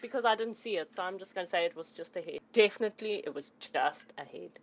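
A woman playing a tabletop role-playing game in an excitable, playful way. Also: fairly low pitch, quick pace. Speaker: player. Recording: dull lo-fi mic.

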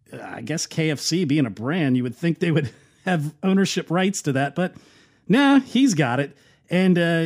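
A man delivers opinionated political commentary in a loose, conversational way. His voice sits a little high, and he talks with a sarcastic, scoffing edge. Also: a little mellow. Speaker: commentary show host.

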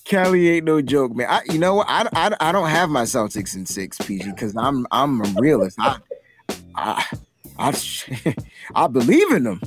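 A man's voice: mid-range voice, lively intonation, normal speed, soft background music. A man co-hosting a casual sports fan podcast, talking in loose slang and laughing often. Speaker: podcast co-host.

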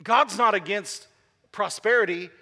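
A man preaches to his congregation in a high, bright voice, often asking questions and waiting for answers. He drives points home by repeating short phrases several times. His voice rings with the long reverb of a large church hall. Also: a little slow. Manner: repeats key phrases for emphasis. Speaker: pastor. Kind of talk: sermon. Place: church sanctuary.

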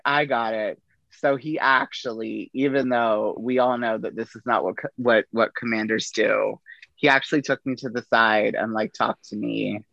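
A middle-aged man, a podcast guest, telling personal stories in a relaxed, casual way, acting out the people he quotes. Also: medium pitch, creaky, no room sound, dull audio. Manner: relaxed anecdotal delivery with quoted dialogue. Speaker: podcast guest, army veteran. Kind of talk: casual storytelling.

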